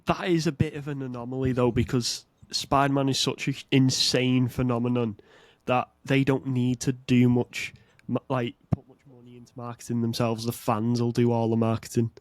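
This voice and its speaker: A man co-hosting a podcast in casual chat, talking in a measured, thoughtful way with small hesitations. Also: medium pitch, level tone, no room sound. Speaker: podcast co-host.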